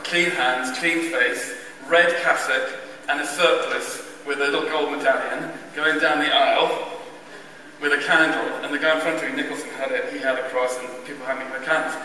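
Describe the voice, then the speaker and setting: A fairly high, pushed and bright voice carries this man's comic childhood tale at a church carol event. He pokes fun at himself wryly and chuckles as he goes. The large church makes for a distant, echoey recording with slight background noise.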